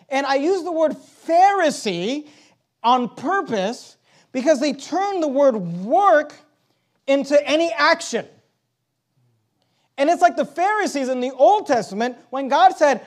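High-voiced man preaching an emphatic sermon. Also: lively intonation, a little slow. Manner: emphatic, rhetorical questions, reads scripture aloud.

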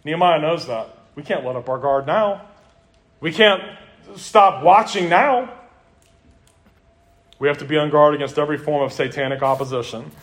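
A man's voice: fairly high pitch, lively intonation, normal speed, pauses often, a bit bright. A man, a pastor, preaching an earnest expository sermon that builds through emphatic repeated lists.

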